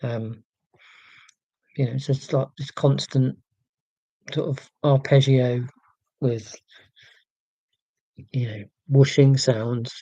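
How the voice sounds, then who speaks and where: A man's voice: mid-range voice, steady tone, takes it slowly, long pauses, dark tone, dry recording, dull audio. A man in his forties chatting casually on a livestream, reading viewer comments and rambling in a wry, self-mocking way with lots of ums and restarts. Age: 40s.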